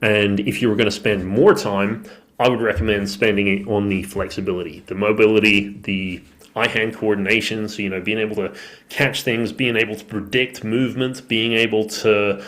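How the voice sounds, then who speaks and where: A man's voice: on the low side, level tone, normal speed, a bit bright. A man hosting a podcast on movement who is losing his voice, talking loosely and thinking aloud with plenty of fillers. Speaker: podcast host and movement coach. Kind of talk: casual solo podcast talk.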